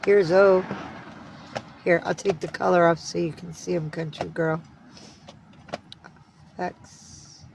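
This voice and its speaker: A woman's voice: on the low side, steady tone, slow, gravelly, pauses often, a little mellow, a little hiss or hum, rough recording. A woman on a casual livestream, cooing baby talk to her cats.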